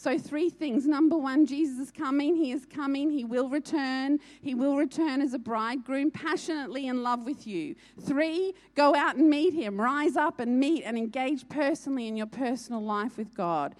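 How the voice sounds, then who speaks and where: A woman delivering a sermon in a fairly high voice. She presses her points with urgency and repeats key lines to drive them home. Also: moderate pace, few pauses, a little mellow. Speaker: preacher.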